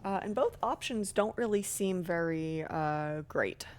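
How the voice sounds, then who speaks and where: A woman's voice: fairly low pitch, lively intonation, unhurried, darkish tone. A woman streaming a game live, talking to herself in a jittery, nervous way. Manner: jittery, nervous self-talk. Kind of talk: casual live gameplay commentary.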